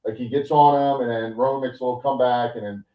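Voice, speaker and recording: A man co-hosting a podcast who recaps a show in casual, animated chat full of "like" and "you know". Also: medium pitch, fast, distant mic. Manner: animated storytelling with many fillers. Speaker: podcast co-host. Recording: dull, roomy sound from off-mic.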